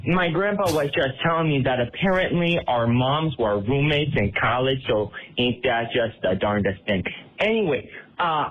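A man from Minnesota with a Minnesota accent, calling in to a radio show in a folksy, hesitant way. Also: mid-range voice. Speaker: caller. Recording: lo-fi phone call.

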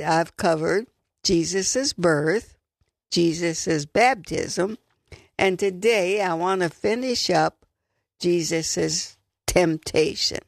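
A woman's voice: mid-range voice, no echo, studio quality. A woman giving an earnest devotional radio talk as a Bible teacher, stressing key words.

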